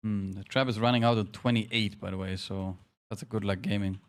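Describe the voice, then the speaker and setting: A chatty man live-streams a game in a lowish, steady voice at a fairly quick pace. He leads his team with instructions while cracking jokes, often at his own expense.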